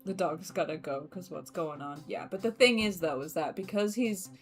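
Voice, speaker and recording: A young woman with an Australian accent chatting casually while streaming a game, laughing often and filling pauses with ums and likes. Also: on the low side, over music. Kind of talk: casual gameplay commentary.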